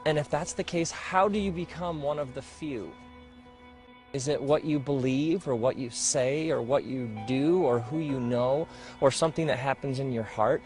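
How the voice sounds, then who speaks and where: A man's voice: medium pitch, normal speed, a little mellow, faint music behind. A man earnestly posing a string of searching questions. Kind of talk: questioning narration.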